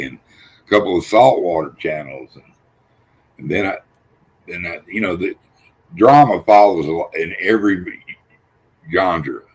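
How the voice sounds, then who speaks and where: A man's voice: low voice, fairly bright tone, husky. A man chatting casually as a panelist on a video call, rambling and profane, with many restarts. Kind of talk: casual chat.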